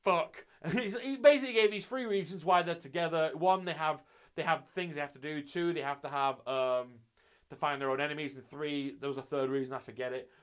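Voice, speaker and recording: This anime reviewer and channel host is a young man whose slightly high voice sits a touch above typical male range, with a clear, resonant tone. He speaks briskly and loosely, swearing and frequently starting sentences over, keeping it offhand and unscripted.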